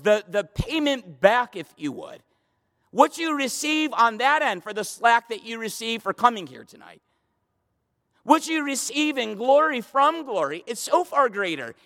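A man's voice: very high voice, fairly bright tone. A man preaching a sermon in a church, building to emphatic repeated questions. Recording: reverberant church hall.

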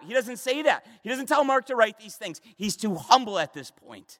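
High-voiced fervent male preacher. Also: very animated, normal speed, few pauses. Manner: fervent, emphatic, swinging between loud and hushed. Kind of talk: sermon. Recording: long hall reverb.

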